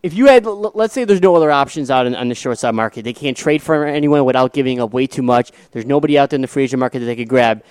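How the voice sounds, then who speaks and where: A man with a Chicago accent co-hosting a casual sports talk show, laid-back and self-deprecating, with halting restarts. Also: mid-range voice, animated, a little mellow, clear, resonant tone, no room sound. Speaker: podcast co-host.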